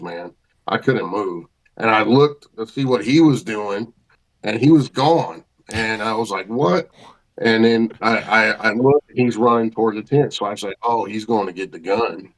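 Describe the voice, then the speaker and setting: A man's voice: fairly low pitch, rough recording. A man, a podcast guest, telling a story in a casual, folksy way with colloquial grammar and vivid detail.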